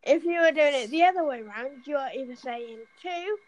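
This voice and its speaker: A woman's voice: high voice, expressive, moderate pace, highs cut off. An English woman with a blunt manner who swears freely, chatting casually as co-host. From England. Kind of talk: casual chat.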